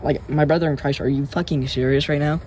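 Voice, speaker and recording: A man's voice: on the high side, fairly even intonation, quick pace, darkish tone, a little hiss or hum. Guy ranting on his commentary channel, fed up and cursing, keeps rambling on. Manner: exasperated, profane, rambling with fillers.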